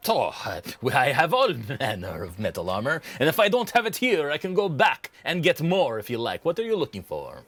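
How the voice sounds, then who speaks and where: A man voicing a smooth-talking male armor merchant who pitches his wares with salesman patter. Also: wildly swooping pitch, brisk, hardly any pauses, no room sound, full character voice. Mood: eager salesman. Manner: salesman patter, drops to a confiding hush.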